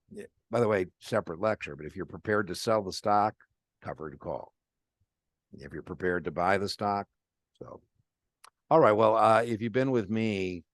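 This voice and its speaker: A man's voice: low-pitched, no echo. A man teaching an options class to exam students, chatting informally and acting out client phone calls to explain strategies. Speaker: exam prep instructor. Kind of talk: live online class lecture.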